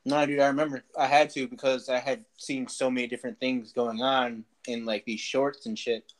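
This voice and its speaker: A man's voice: medium pitch, flat delivery, moderate pace. Laid-back man chiming in casually. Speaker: podcast co-host. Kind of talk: casual movie discussion.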